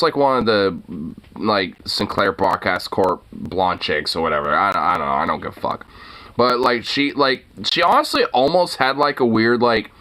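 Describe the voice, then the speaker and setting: A man with a bright, sharp-edged voice hosts an informal talk, griping at length. He swears freely and rambles through constant fillers. His delivery stays loose and unscripted. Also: medium pitch. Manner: profane, rambling, filler-heavy. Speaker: host. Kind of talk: casual ranting commentary. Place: lives in Portland.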